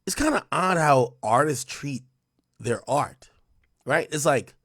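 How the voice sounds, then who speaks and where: Male stream host: husky, dry close sound, loose and profane, loud excited bursts. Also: fairly high pitch, slow, dry recording. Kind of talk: casual live-stream chat reading donations.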